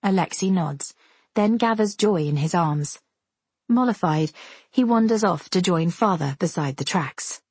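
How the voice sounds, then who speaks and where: A woman reading a first-person story aloud with measured, intimate storytelling. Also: fairly low pitch, lively intonation, darkish tone, slightly rough, no echo. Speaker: audiobook narrator. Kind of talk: first-person audiobook narration.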